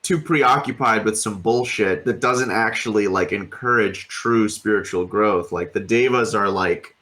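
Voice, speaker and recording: A podcast co-host speaks at a measured pace in a lowish, fairly bright voice. He chats and rambles casually, using lots of fillers and swearing offhandedly.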